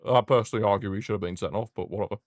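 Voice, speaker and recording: A man's voice: lowish voice, very fast, darkish tone, no room sound, studio quality. A man streaming a football watchalong, giving blunt, partisan live fan commentary and mocking the rival side.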